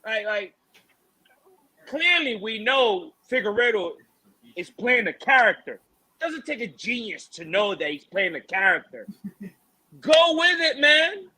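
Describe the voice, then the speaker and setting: A man's voice: very high-pitched, sharp tone, rough recording. A man co-hosting a casual podcast, ranting animatedly and mocking with laughs. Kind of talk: casual fight-talk podcast chat.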